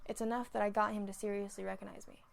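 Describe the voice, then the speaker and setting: Woman reader as a stubborn teen heroine; flat, gravelly, soft-spoken. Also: medium pitch, fast talker. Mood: calm, firm. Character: stubborn teenage heroine, tearful and shaken.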